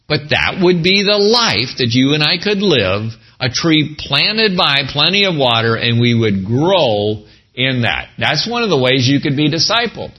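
Animated preaching man, husky voice. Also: a little slow. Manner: animated preaching, swinging pitch, folksy asides. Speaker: pastor. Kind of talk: sermon.

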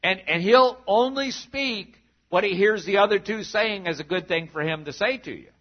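Animated high-voiced male preacher. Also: normal speed, muffled recording. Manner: animated preaching, drops to a hushed voice for emphasis. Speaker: pastor. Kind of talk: sermon.

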